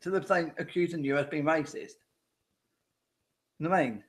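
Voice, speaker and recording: A rambling man hosts a casual live-stream chat. His voice sits a bit high and has heavy vocal fry. He keeps circling back on his own sentences and tosses questions to his viewers. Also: fairly even intonation, moderate pace. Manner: rambling, repetitive, frequent restarts; addresses viewers directly with tag questions.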